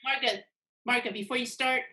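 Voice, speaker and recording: A woman host cutting in politely to give quick technical directions. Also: fairly high pitch, steady tone, pushed and bright.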